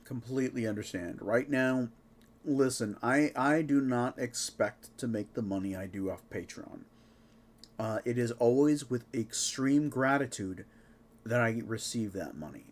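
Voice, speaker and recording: A man's voice: mid-range voice, a little slow. A man co-hosting a live Q&A, reading out listener questions in a jokey, easygoing way. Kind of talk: casual chat.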